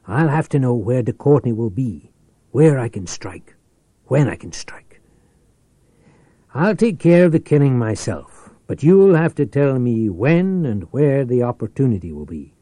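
A man voicing a ruthless, scheming rich businessman who talks forcefully and persuasively. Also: mid-range voice, big pitch swings, a little slow, no echo, voice pushed up. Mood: calculating.

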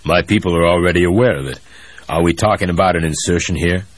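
A man voicing a gruff military colonel who gives short, clipped orders in a low voice. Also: fast talker, natural voice. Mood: curt.

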